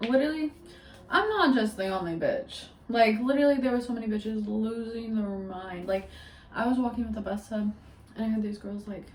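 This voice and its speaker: Young woman vlogger, higher-pitched, chatty and rambly, roomy home sound, faint room noise. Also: a little mellow, far from the mic. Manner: chatty, rambling, full of "like" and "literally". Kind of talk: casual storytime vlog.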